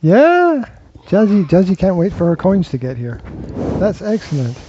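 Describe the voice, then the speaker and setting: A man's voice: high-pitched, animated, moderate pace, muffled recording, background noise. A Scottish man hosting a podcast in playful, casual chat, joking and slipping into accents. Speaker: podcast host.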